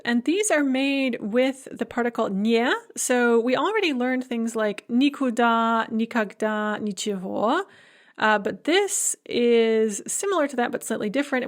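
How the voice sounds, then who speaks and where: A woman lecturer teaching a language lesson, explaining grammar step by step and slowing down to enunciate each example phrase. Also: a little high. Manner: explanatory, repeats key points. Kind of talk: recorded lecture.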